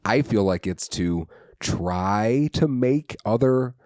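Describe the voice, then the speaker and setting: A man's voice: on the low side, expressive, takes it slowly, a little mellow, no room sound, studio quality. A man co-hosting a podcast, telling rambling stories in casual chat and swearing freely. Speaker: podcast co-host.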